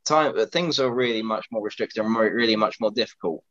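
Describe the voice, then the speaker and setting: A man's voice: on the low side, a little fast, highs cut off, over a noisy crowd. A man, co-hosting a podcast in casual, earnest chat that rambles with restarts. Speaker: podcast co-host.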